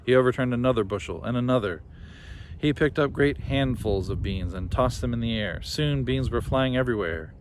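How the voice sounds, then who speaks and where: A man reading a children's story aloud with lively, expressive narration. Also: mid-range voice, normal speed, slight background noise. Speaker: reader.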